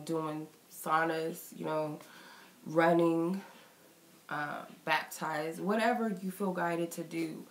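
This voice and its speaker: Chatty woman doing a tarot reading. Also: sits low. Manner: chatty and reflective, loose rambling phrasing. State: getting sick, a little out of breath. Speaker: tarot reader. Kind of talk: casual spoken tarot reading. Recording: echoey room with faint noise.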